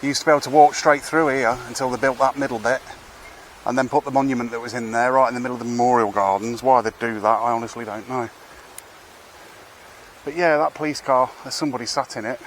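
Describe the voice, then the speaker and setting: Walking through town streets outdoors, a man with a medium-pitched voice rambles casually into the camera he carries as a street vlogger, wry and occasionally swearing. He speaks fairly quickly with fairly even intonation and long pauses, over slight background noise.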